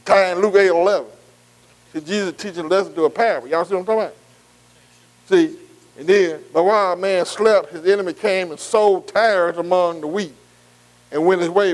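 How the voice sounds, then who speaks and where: A man's voice: sits high, fairly quick, low-quality recording. A man preaching a call-and-response sermon, asking "am I right?" again and again. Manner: repeats "am I right?" to the congregation.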